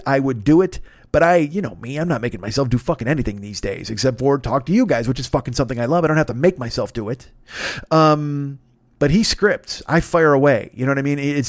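A podcast host with a medium-pitched voice reads ads in a casual, chatty way, rambling, joking and swearing. The recording is clean studio sound with no echo.

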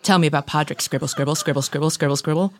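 A woman playing a nosy female space station captain, murmuring low and conspiratorially in an improvised comedy scene. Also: fairly quick, darkish tone.

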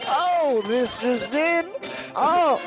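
A man's voice: very high-pitched, animated, drawn-out words, over music, pitched above the performer's own voice, exaggerated voice. A man voicing an absurd local radio announcer who stammers out strange news bulletins. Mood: rambling. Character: rambling male local radio host, absurd.

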